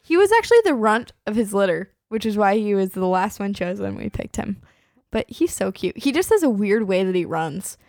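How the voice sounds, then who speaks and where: A woman's voice: mid-range voice, sing-song, a little fast, darkish tone, no room sound. Young female podcast co-host, chatty and giggly, dry close mic. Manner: chatty, giggly, heavy on filler words. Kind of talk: casual chat.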